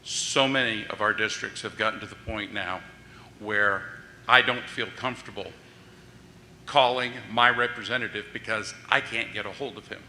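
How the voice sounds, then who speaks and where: A man from Georgia giving measured public testimony with a touch of dry humor. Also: on the low side, steady tone, sharp tone, slight background noise. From Georgia, United States. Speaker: public commenter. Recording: reverberant hearing room.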